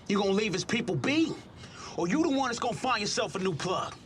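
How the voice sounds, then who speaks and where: A man's voice: sits high, big pitch swings, fast talker, fairly bright tone, a little hiss or hum, voice pushed up. A man imitating a tough young male street hustler, talking in a menacing, clipped way.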